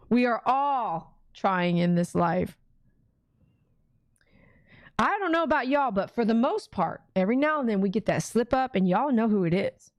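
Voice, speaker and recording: A woman's voice: a little high, expressive, a little slow, long pauses, no echo, studio quality. Emphatic woman preaching to her chat. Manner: emphatic and preachy, with frequent "mm-mm" hums. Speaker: livestream host reading viewer chat. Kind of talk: casual livestream chat.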